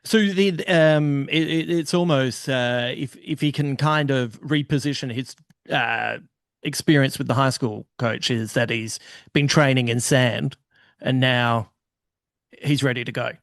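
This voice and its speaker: A man's voice: mid-range voice, measured pace, a bit bright, dry recording, studio quality. Easygoing host man, full of ums. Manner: hesitant, lots of ums, laughs easily. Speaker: podcast host. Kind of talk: casual podcast chat.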